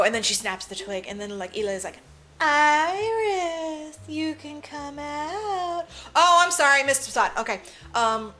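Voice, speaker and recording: A woman's voice: medium pitch, sharp tone. A woman co-hosting a podcast, casually recapping a film and acting out the characters' lines, with plenty of fillers and swearing. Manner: swears freely, lots of "like" fillers. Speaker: podcast co-host. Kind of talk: casual movie recap chat.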